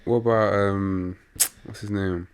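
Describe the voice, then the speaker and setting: A man's voice: low-pitched, fairly even intonation, measured pace, slight background noise. A young man co-hosting a casual football podcast, bantering and laughing a lot. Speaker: podcast co-host. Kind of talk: casual chat.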